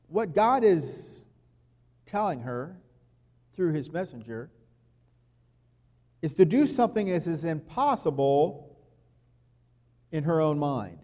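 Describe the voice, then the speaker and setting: A man preaching a sermon as pastor, talking conversationally, dropping to quiet asides and acting out the quotes he tells. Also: fairly high pitch. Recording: long hall reverb.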